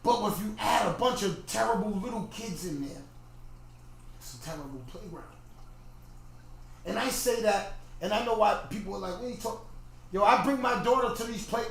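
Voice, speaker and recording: A man's voice: sits high, fairly bright tone. A middle-aged man hosting a podcast, ranting in a casual livestream monologue and often repeating himself. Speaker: podcast host. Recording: very echoey room, faint noise.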